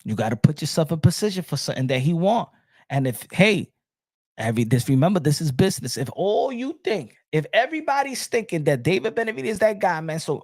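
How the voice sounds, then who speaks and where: Excitable male boxing pundit. High voice, dry close recording, ranting delivery. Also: fast talker, no room sound. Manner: excitable, ranting, with repeated restarts. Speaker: boxing commentator. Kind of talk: animated boxing commentary.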